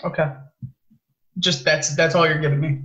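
A man's voice: on the high side, level tone, normal speed, a bit bright, dull audio. A young man co-hosting a podcast, bantering playfully and laughing. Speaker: podcast co-host. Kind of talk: casual chat.

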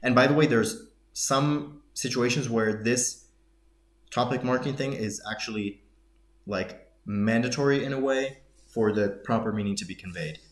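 A man's voice: medium pitch, moderate pace. A man teaching a language lesson, walking through a dialogue with thoughtful explanations and many fillers. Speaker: Arabic teacher. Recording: echoey room.

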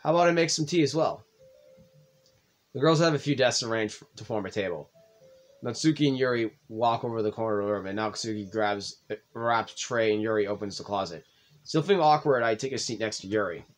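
A man hosting a let's play, reading visual novel narration aloud in a plain, slightly halting way. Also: fairly low pitch.

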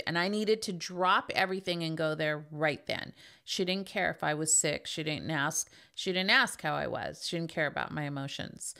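A woman's voice: on the low side, bright, forceful tone. A middle-aged woman hosting a podcast in a casual monologue, speaking candidly and with emphasis. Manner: emphatic, candid, acts out quoted voices. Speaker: podcast host.

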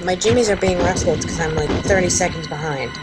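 Joking woman with a lowish voice. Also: brisk. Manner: jokey, quips about the game. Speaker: co-commentator. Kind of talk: casual gaming commentary. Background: game music.

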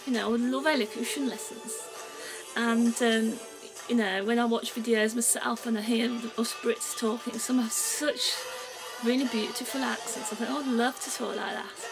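Her voice is a little high, with fairly even intonation and a moderate pace, and the audio is poor with music clearly audible in the background. She's an English vlogger with a Brummie accent, talking casually to camera, rambling, giggling and drifting off topic.

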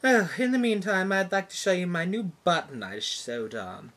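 A woman's voice: lowish voice, animated, normal speed, a bit bright. A woman playing a pompous, melodramatic soap opera character in an overblown, mock-dramatic parody.

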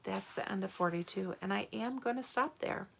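Gravelly woman reading a storybook aloud. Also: mid-range voice, moderate pace, a little hiss or hum. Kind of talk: read-aloud storybook narration.

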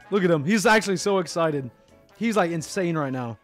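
A young man streaming, chatting casually to his viewers, excitable and animated, jumping from loud squeals down to quiet mumbles. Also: high voice, fast, soft background music. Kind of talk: casual livestream commentary.

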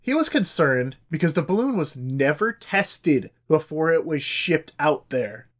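This podcast host speaks a little slowly, his fairly high voice swinging widely in pitch. He relates a history story in an offhand, irreverent manner, cursing freely and putting on goofy voices.

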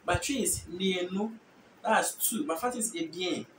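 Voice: medium pitch, moderate pace, fairly bright tone. Ghanaian-accented host explaining from across an echoey room. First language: Efutu (Guan). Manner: thinks aloud, self-correcting, hedging asides. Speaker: host explaining language differences. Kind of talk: casual educational explainer. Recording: echoey room, distant mic, faint noise.

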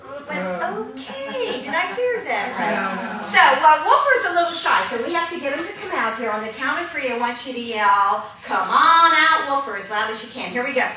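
A woman teaching puppet ministry, leading a lively children's-church style puppet demonstration and calling out to the audience. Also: sits high, normal speed, few pauses. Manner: animated, calls out to the audience and coaxes them. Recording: echoey room audio from far off with noise.

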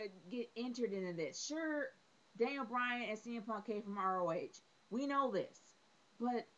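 A woman's voice: on the high side, fairly bright tone, muffled recording. A woman reviewing a wrestling show, exasperated and opinionated, piling up rhetorical questions and repeating her points.

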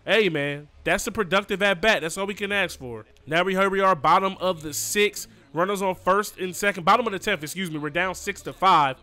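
A gaming YouTuber with a high voice gives excitable live play-by-play commentary on gameplay, talking briskly with few pauses. He cheers on his players and keeps saying "you know what I mean".

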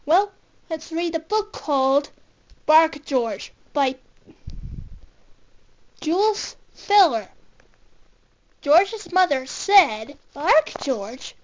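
Female storybook reader, very high voice, slow halting read, lo-fi sound. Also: animated, darkish tone. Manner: slow, halting reading with restarts. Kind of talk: reading a picture book aloud.

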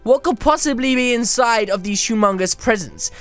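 Excitable woman hosting a game video. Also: a little high, normal speed, faint music behind. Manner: excitable, exclaiming, chatty. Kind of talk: excited let's-play commentary.

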